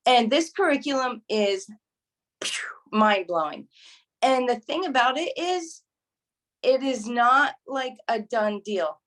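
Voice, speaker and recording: A woman's voice: on the high side, fairly bright tone. Earnest woman sharing on a video call. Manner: earnest, enthusiastic, rambling. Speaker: mentor and graduate sharing experience. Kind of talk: casual testimonial on a video call.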